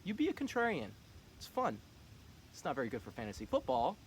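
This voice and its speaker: A man's voice: mid-range voice, huge pitch swings, fairly quick, a little hiss or hum. A man running a fantasy football league, talking casually and teasing the other players with cocky trash talk.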